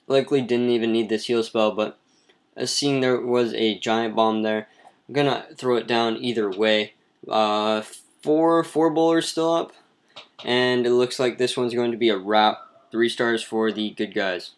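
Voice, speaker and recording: A man's voice: mid-range voice, measured pace, smooth. A man casually narrating replays of mobile game attacks as clan leader, with lots of ums and restarts. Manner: relaxed, filler-heavy, self-correcting. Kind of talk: casual gameplay commentary.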